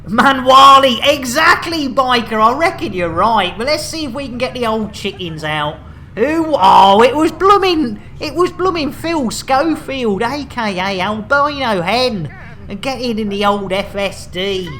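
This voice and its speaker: A woman's voice: on the high side, animated, measured pace, fairly bright tone, slight background noise. Exclamatory woman streaming a game. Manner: exclamatory, playful, chatty. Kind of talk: live gaming commentary.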